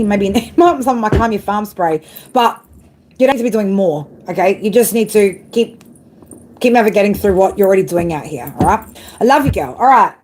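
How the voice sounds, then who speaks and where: Outdoors, a tarot reader chats casually during a live-stream reading, her voice medium in pitch. She laughs often and tacks "right?" onto her sentences. The audio is poor, with a little hiss or hum.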